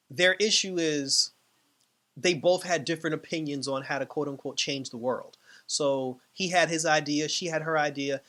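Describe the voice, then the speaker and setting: A man reviews a TV episode in a relaxed, rambling recap. His voice sits a little high, and he laughs often. His retelling is animated and full of fillers. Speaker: TV show reviewer.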